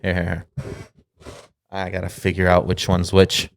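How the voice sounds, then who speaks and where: A man's voice: low-pitched, completely flat delivery, normal speed, vocal fry. A man in his thirties co-hosting a casual podcast, rambling with many restarts and swearing as he talks. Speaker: podcast co-host.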